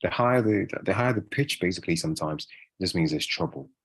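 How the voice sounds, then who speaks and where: A man chatting casually as an interview guest, relaxed and rambling, with many fillers and restarts. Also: low-pitched, fast talker, slightly rough. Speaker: guest English speaker.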